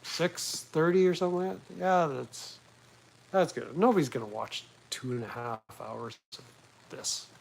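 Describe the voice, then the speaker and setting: A fairly high, gravelly male voice speaks at a normal pace in a low-quality recording. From his laptop at home, he hosts a relaxed live talk stream, meandering through crude, self-mocking banter.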